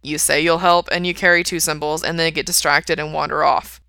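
A woman's voice: sits low, little pitch movement, fairly quick, gravelly, pushed and bright, no echo, exaggerated voice. A woman reading aloud and voicing a blunt, sarcastic man with a dry, grumpy way of talking.

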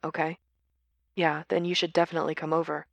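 Rich: A sleepy young man, low and quiet, his words soft and tired, as a woman reading puts him on. The sound is dry and close. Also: flat delivery, a little fast, gravelly, dry recording, muffled recording.

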